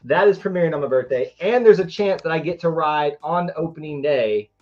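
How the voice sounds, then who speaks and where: A man co-hosting a trivia livestream in an excited, rambling way. His audio sounds a little dull and lo-fi, and faint music plays behind him. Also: a little high, fairly quick. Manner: chatty and excitable, jumps between thoughts. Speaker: co-host of a Disney trivia show. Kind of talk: casual livestream chat.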